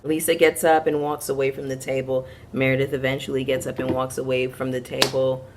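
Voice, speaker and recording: A woman with a low voice recapping reality TV for her viewers. She talks frankly and with sass, tossing in slangy asides as she goes. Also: flat delivery, fairly quick, a little hiss or hum. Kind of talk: casual commentary recap.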